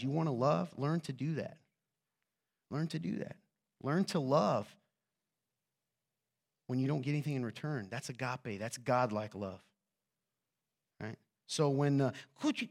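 A man's voice: a little high, gravelly. A man preaching a conversational sermon as a pastor, joking and often asking his listeners "right?".

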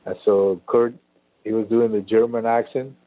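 A man's voice: fairly low pitch, flat delivery, moderate pace, no room sound. A man co-hosting a casual chat, a rambling and profane storyteller. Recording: phone-like lo-fi line.

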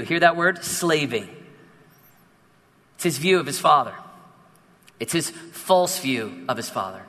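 A man preaching a sermon as a youth pastor in an emphatic, animated way, with many repetitions. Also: on the high side, moderate pace, long reverb tail.

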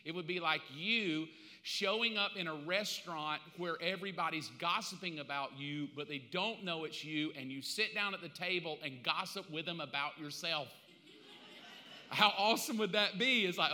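A man in his fifties preaching a casual, conversational sermon, telling the story in an animated way with slangy asides. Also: on the high side, moderate pace. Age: 50s. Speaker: pastor. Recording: long reverb of a large hall.

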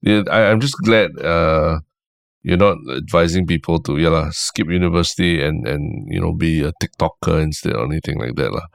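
Singaporean male host, very deep voice, dry sound, casual and halting with repeated starts. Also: gravelly, dry recording. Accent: Singaporean English. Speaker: podcast host. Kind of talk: casual podcast chat.

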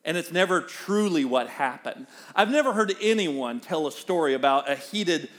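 A middle-aged man with a Southern US accent preaching a sermon as pastor, with animated swings in pitch and loudness. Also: normal speed.

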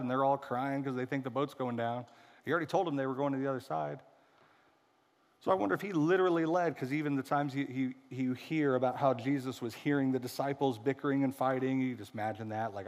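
A man's voice: on the high side, animated, fairly quick, long reverb tail. A male pastor giving a casual, humorous sermon and acting out quoted voices. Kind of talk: conversational sermon.

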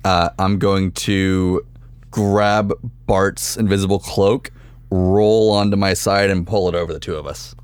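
A man's voice: low-pitched, fairly even intonation, measured pace, smooth, no echo. A man playing a tabletop game, casually describing his character's actions step by step. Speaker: player.

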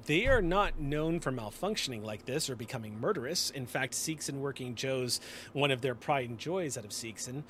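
A man's voice: mid-range voice, expressive, moderate pace, fairly bright tone, slight background noise. Man running a tabletop horror game. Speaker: game master.

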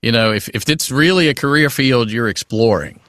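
A man's voice: medium pitch, normal speed, dry recording, studio quality. Chatty male voice actor. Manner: chatty, animated, many "you know" asides. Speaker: voice actor guest. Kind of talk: casual interview advice.

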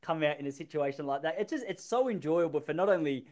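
A man's voice: on the high side, expressive, fast, darkish tone. A man interviewing a fellow comedian in a casual chat, speaking with appreciative enthusiasm.

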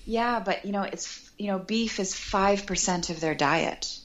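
A middle-aged woman talking as a podcast guest, chatty and animated, often acting out quoted remarks. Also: medium pitch, a little slow, muffled recording. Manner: animated and chatty, quotes herself and others in lively voices. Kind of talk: casual podcast conversation.

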